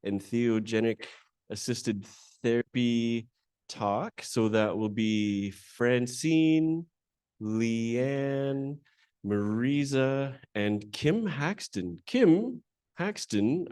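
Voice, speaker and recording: A man's voice: mid-range voice, slow pace, darkish tone, clear, resonant tone, no room sound, clean studio sound. A man emceeing a conference, introducing a panel and then telling a candid, self-deprecating personal story to a live audience in a conversational way. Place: conference hall.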